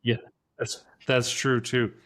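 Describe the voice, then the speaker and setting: A man's voice: mid-range voice, little pitch movement, slow, fairly bright tone. A man hosting a casual podcast interview, hesitant and self-deprecating, with stumbling restarts. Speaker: podcast host. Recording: roomy echoey room sound.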